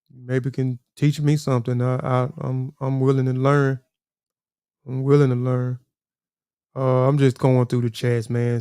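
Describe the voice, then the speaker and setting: A man's voice: medium pitch, a little mellow, clear, resonant tone, no echo, clean studio sound. A man hosting a casual livestream, rambling, repeating words and talking to viewers in the chat. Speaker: livestream host.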